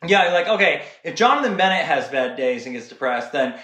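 Animated man chatting on a podcast. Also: fairly high pitch. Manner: earnest, animated, talks fast with many "right?" asides. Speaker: guest. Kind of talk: casual podcast chat. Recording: roomy echo.

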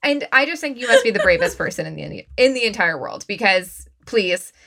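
Bright, effusive woman podcast host. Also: on the high side, very animated, vocal fry. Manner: chatty, effusive, quick to laugh. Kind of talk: casual chat.

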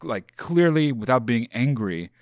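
A man co-hosting a podcast, calm and wry, dropping deadpan teasing remarks between steady advice. His voice sits in a middle pitch, recorded close and dry on a studio microphone. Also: a little slow, no room sound. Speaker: podcast co-host. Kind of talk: casual chat.

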